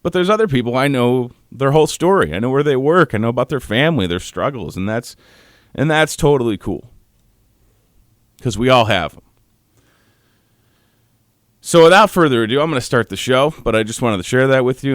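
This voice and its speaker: A male radio host on his morning show, talking in a halting way and holding back tears, with pauses and restarts. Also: medium pitch, animated, no echo, clean studio sound. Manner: halting, choked up, pausing often. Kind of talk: on-air morning show tribute. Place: radio studio.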